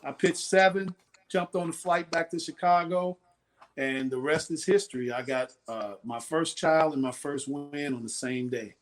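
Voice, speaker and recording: Lively older man telling stories. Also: on the high side, moderate pace. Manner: animated storyteller, acts out quoted voices. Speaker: former pitcher, guest. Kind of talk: casual interview storytelling.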